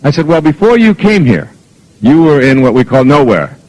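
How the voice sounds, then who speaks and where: A man's voice: a little high, moderate pace, rough recording. Middle-aged man telling humorous seminar stories. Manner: humorous anecdotal storytelling with chuckles; lively, shifting between soft and emphatic. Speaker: motivational speaker. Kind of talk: live seminar talk.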